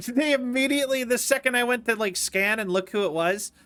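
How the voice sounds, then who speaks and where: A man's voice: extremely high pitch, a little fast, pushed and bright, clean tone. A young man streaming a game, chatting casually in a rambling, playful way that keeps stopping and restarting. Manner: rambling, self-interrupting, playful. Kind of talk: casual gameplay commentary.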